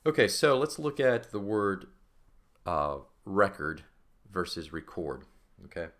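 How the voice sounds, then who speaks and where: A man's voice: fairly low pitch, sing-song, measured pace, fairly bright tone. A man teaching a recorded language lesson, explaining step by step and checking in often with "okay?" and "right?".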